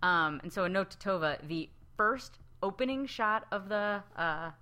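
A woman in her thirties co-hosting a casual podcast chat, animated and quick to act out what others said. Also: mid-range voice, smooth. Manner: animated, acts out quotes in raised voices. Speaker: podcast co-host.

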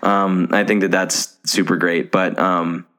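A man's voice: deep voice, level tone, unhurried, a bit bright. A young man casually discussing a film as a podcast co-host, enthusiastic and openly teary. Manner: enthusiastic, emotional, laughs often. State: teary, getting emotional.

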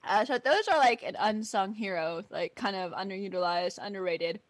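A woman's voice: mid-range voice, normal speed, no room sound. A woman co-hosting a podcast in casual chat, chatty and enthusiastic, often laughing. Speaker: podcast co-host. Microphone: camera in front of her face.

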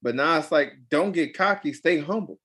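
A young adult man, a pro fighter, telling a story in a casual interview, animated and emphatic, repeating phrases for effect. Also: on the high side, moderate pace, breathy edge.

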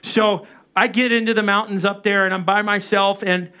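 A male pastor in his thirties delivers a sermon, launching into an animated personal story. His voice sits high and carries a bright, forward tone. He acts out his own frantic moments as he tells it. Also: moderate pace. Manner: animated storytelling, acting out his own panicked radio calls.

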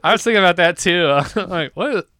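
A man's voice: high-pitched, quick pace, sharp tone, smooth, no echo, clean studio sound. A man co-hosting a podcast, telling a rambling, self-mocking story about a comedy gig with lots of restarts and laughter. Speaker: podcast co-host.

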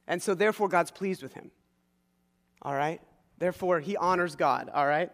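A man preaching a sermon as pastor, retelling a story in an animated way and acting out the voices of the people in it. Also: high-pitched, in a large hall.

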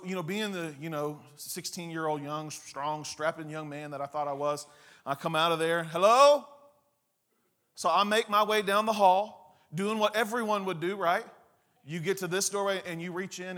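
Animated high-voiced preacher man. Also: normal speed. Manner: animated storyteller, acts out scenes and quotes. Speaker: pastor. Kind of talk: sermon with storytelling.

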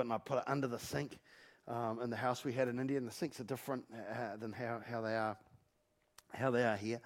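A man's voice: medium pitch, little pitch movement, brisk, vocal fry. A male pastor preaching a sermon, telling stories and firing off repeated rhetorical questions. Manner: storytelling, repetitive rhetorical questions. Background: loud instrumental music.

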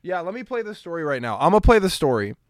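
Male podcast host, sarcastic profane rant; smooth, slightly high voice, dry sound. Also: sing-song, fast, no echo. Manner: blunt, mocking, profane rant. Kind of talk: casual podcast monologue.

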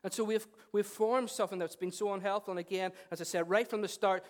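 A man preaching an animated, humorous sermon to a congregation, talking to people by name. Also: high-pitched, fast talker.

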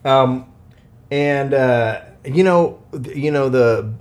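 A man of ordinary pitch co-hosts a podcast and chats casually. He tells rambling stories full of profanity and acts out the lines of the people in them. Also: slow. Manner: profane, rambling storytelling with animated quoted outbursts. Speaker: podcast co-host. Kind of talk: casual chat.

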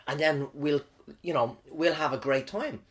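A man's voice: on the high side, a little slow. Swearing man telling crude stories. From Ireland. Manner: crude, swearing, rambling with restarts. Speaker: podcast host. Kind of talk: casual comic storytelling monologue.

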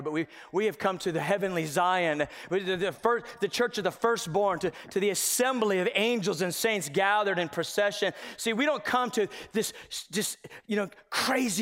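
High-voiced pastor preaching in a reverberant hall. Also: male voice. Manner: animated storytelling, acting out Bible figures with shouts. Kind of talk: sermon. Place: church sanctuary.

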